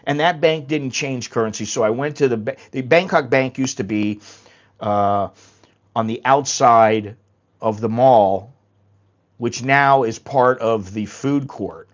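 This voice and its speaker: A man's voice: medium pitch, a little slow, muffled recording. A man hosting a casual livestream, telling rambling, blunt stories and swearing freely. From United States. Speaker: livestream host.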